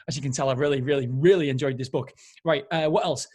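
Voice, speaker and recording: A man's voice: medium pitch, moderate pace, a little mellow. A man hosting a podcast who reviews a book in a casual, enthusiastic way, often rambling and correcting himself. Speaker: podcast host.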